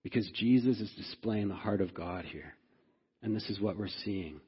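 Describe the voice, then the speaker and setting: A man's voice: lowish voice, normal speed, husky, long reverb tail, highs cut off. A man preaching a sermon as pastor, earnest, often asking "right?" of his listeners and rising in force when stirred. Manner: earnest, repeats "right?" to the congregation.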